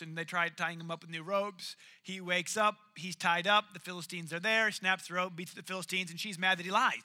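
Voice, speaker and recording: A man preaching a sermon, retelling a story in an animated, jokey way. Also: high-pitched, a little fast.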